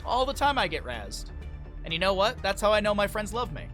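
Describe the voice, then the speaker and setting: A man's voice: high voice, very animated, a little fast, fairly bright tone, soft background music. A young man from the American Midwest casting a live esports match, tired and chatty, turning aside to talk to his stream chat between plays. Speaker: esports caster. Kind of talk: live game commentary.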